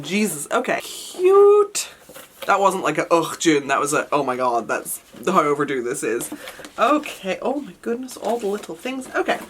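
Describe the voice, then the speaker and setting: Excitable British woman with a cold-worn voice. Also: mid-range voice, slight background noise. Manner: excitable and gushing, frequent oohs and squeals. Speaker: vlogger. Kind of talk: unboxing vlog chat.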